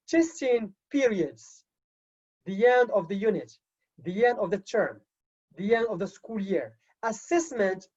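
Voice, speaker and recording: A woman at a middle pitch teaches an online class as a teacher trainer. She repeats key terms and keeps checking in with okay. The audio is slightly dull and lo-fi. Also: a little mellow, breathy edge. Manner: repeats key words, checks in with frequent okays.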